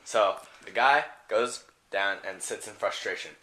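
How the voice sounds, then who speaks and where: A man's voice: fairly low pitch, a little slow, pushed and bright. A man rambling through a silly comic story, full of fillers and giggles.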